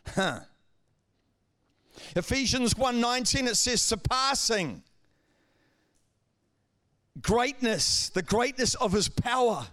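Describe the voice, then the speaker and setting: A male pastor with a strikingly high voice preaches with fervor. His delivery moves between calm explanation and raised, urgent passages. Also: slow, pauses often. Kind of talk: sermon.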